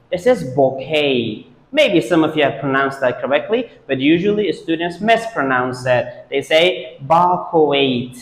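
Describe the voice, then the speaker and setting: A man whose first language is Persian teaches pronunciation, drilling each word slowly and saying it again and again. His slightly high voice moves up and down a lot. The room is echoey, and the sound trails off in a long reverb. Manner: drills words slowly, repeating each several times. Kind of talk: pronunciation lesson.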